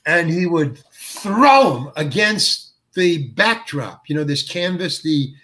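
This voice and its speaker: With a slightly bright, fairly high voice that swings widely in pitch, an older actor being interviewed stumbles through a story. He restarts often and acts out the quotations as he tells it.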